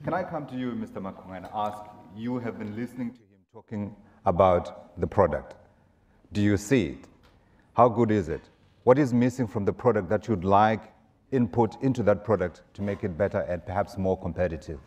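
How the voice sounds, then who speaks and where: A man moderating a panel in a fairly low voice. He puts brisk, direct questions to each speaker. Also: animated, darkish tone.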